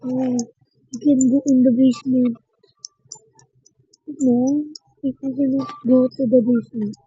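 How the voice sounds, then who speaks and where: A woman's voice: sits high, flat delivery, unhurried, mellow, husky, no echo. A woman giving casual, playful gameplay commentary and chatting to her viewers. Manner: chatty, talks to viewers as "guys". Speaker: gameplay streamer. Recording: dull lo-fi sound.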